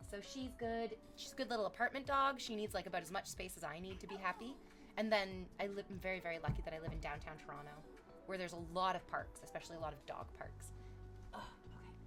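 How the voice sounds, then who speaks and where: A young woman chatting casually on a live stream, excitable and swearing freely. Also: on the low side, fast talker, over music. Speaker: livestreamer.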